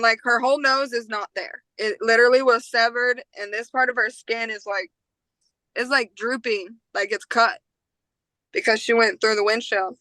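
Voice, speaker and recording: A woman's voice: on the high side, pushed and bright, dry recording, low-quality recording. A woman in her twenties, a podcast guest, tells a personal story in a casual, slangy way, acting out other people's lines.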